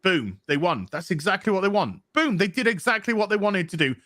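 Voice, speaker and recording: High bright-voiced man ranting, profane. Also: brisk, dry recording. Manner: profane and animated, mocking voices of others. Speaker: comic book show co-host. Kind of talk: heated opinion rant on a livestream panel.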